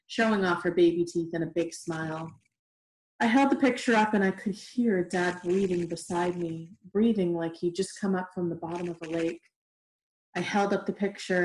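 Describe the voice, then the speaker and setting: A woman reading a novel aloud in a steady, gentle way, in an echoey room. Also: fairly low pitch, slight background noise. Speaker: reader. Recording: roomy echoey room recording.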